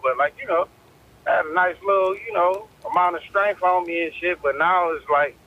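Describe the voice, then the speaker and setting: A man's voice: a little high, a little hiss or hum. Laid-back man on a muffled phone call. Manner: laid-back, profane, rambling. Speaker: guest calling in. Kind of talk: casual phone chat. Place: in his car.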